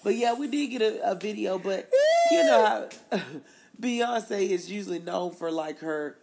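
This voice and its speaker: Brief: female podcast co-host, casual rambling music talk, frequent laughs, lots of vocal fry. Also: mid-range voice, heavy background noise. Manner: rambling, laughs often, quick asides. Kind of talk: casual chat about music.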